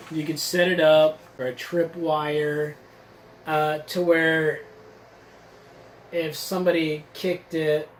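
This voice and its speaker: Reviewing a survival gear subscription box for his channel, this vlogger speaks in a higher-pitched voice, rambling casually with sarcasm and plenty of swearing. There's slight background noise, and the recording quality is low.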